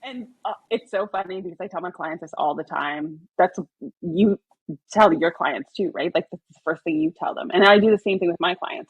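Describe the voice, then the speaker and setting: Husky excitable woman podcast host. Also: lowish voice, a little fast, no echo, narrow, tinny audio. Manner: excitable, acts out her own past words. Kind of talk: casual podcast conversation.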